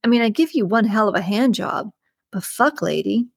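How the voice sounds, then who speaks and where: A woman reading a story, voicing a crude, pushy adult man who turns indignant and rises in pitch when upset. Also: expressive, moderate pace, gravelly, husky, no room sound, studio quality, full character voice.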